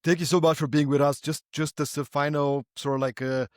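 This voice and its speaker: A man's voice: on the high side, little pitch movement, brisk, a little mellow, dry recording, studio quality. A man hosting a podcast interview, friendly, building long questions with restarts. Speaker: podcast host.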